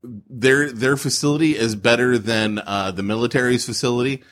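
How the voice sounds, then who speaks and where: A man in his thirties co-hosting a podcast, telling jokey stories in casual banter and jumping up high when he quotes people. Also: steady tone, normal speed, a bit bright. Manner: jokey storytelling, voices quotes with big pitch jumps. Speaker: podcast co-host.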